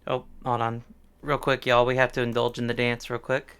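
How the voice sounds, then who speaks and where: A man's voice: mid-range voice, completely flat delivery, normal speed, fairly bright tone, clean tone. A man with a Midwestern American accent chatting casually on a livestream, musing and playful. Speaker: streamer.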